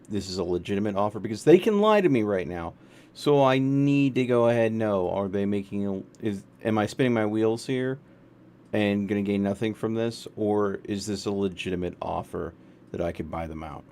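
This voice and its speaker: A man playing a tabletop role-playing game, asking questions and thinking aloud in a wry, halting way. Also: lowish voice, lively intonation, darkish tone. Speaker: player. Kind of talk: casual tabletop game chat.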